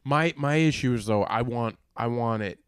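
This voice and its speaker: A man's voice: mid-range voice, moderate pace, clear, resonant tone, dry recording, clean studio sound. A man chatting offhand and joking as a podcast co-host. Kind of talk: casual chat.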